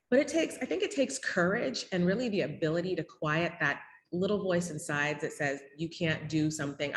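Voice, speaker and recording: Low-voiced woman interviewer, echoey room. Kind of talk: virtual panel interview. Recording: echoey room with faint noise.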